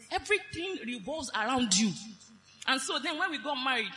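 A woman preaches on marriage in a high, bright voice that rings through a hall with a long reverb tail. She is animated and laughs easily, and she lifts her phrases into a sing-song lilt. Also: normal speed. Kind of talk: sermon.

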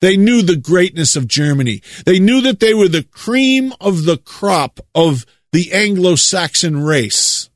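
A man from the United States preaching a monologue, leaning hard on drawn-out stresses and repeating words for effect. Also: sits high, very animated, dry recording, studio quality.

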